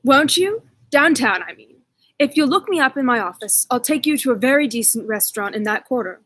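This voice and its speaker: A woman reading the part of a curious, kindly gentleman who insists on helping a stranger. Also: high-pitched, lively intonation, a little fast, no echo. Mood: insistent.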